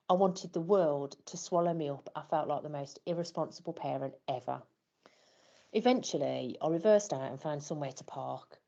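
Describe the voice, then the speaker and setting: A woman's voice: sits low, gravelly, dark tone, muffled recording. A woman telling a scripted first-person story as a flustered parent, wry and self-deprecating. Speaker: parent in a training scenario.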